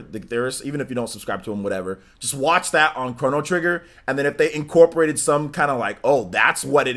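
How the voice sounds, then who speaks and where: A young man hosting a gaming livestream in casual chat, rambling and excitable, laughing often and answering questions from chat. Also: medium pitch.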